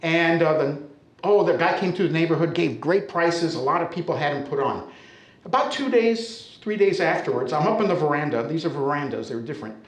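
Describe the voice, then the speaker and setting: American man, storyteller, slightly high voice, chatty and animated, roomy echoing hall. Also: a little fast. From United States. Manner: conversational, animated, checks in with listeners. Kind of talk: live storytelling to an audience. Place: storytelling center, indoor stage.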